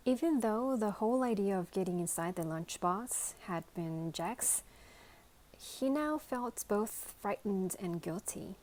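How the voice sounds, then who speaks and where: Bedtime storyteller lady from korea, reads real slow. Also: medium pitch, animated, a little mellow, rough recording. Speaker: reader, mother. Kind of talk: bedtime audiobook reading.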